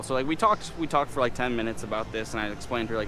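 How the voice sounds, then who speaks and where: A man's voice: medium pitch, quick pace. An American man casually telling a story about a date, saying "like" constantly. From United States. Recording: noisy street with traffic.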